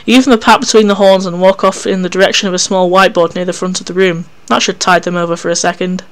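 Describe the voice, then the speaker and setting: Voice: medium pitch, level tone, fast talker, a bit bright. Wry, casual narrator reading a story game. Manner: wry, casual, swears freely.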